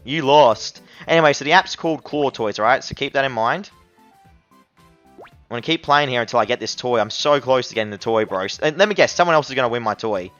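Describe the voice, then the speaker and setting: Excitable young man reviewing an app. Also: mid-range voice, quick pace, dull audio, faint music behind. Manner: excitable, yelps at near misses, addresses viewers as everyone and bro. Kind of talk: casual gameplay commentary to viewers.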